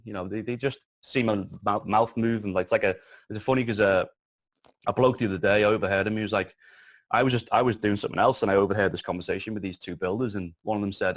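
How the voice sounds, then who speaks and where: Scouse male guest, 30s, very low voice, loose rambling delivery, restarts and swearing. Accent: Liverpool (Scouse). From Liverpool, England. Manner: rambling, many restarts, swears casually, deliberately slowed accent. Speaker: guest, filmmaker. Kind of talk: casual interview chat.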